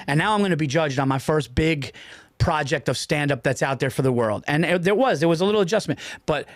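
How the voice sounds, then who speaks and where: A man hosting a podcast in casual chat, rambling and animated, with lots of restarts. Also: a little high, fast talker, dry recording, studio quality. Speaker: podcast host.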